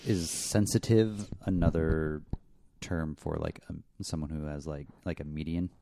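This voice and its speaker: A man co-hosts a casual chat in a very deep voice. His jokes are dry and offhand, with a rough, gravelly edge. The sound is close and dry. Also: fairly even intonation, measured pace, warm tone, dry recording. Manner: joking, dry quips and silly asides. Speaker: podcast co-host.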